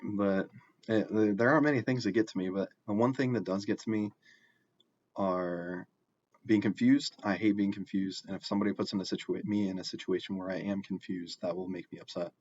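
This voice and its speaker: A young man telling a personal story in a casual, halting way, often restarting and filling pauses. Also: lowish voice, steady tone, darkish tone, lo-fi sound. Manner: halting, self-correcting, frequent fillers.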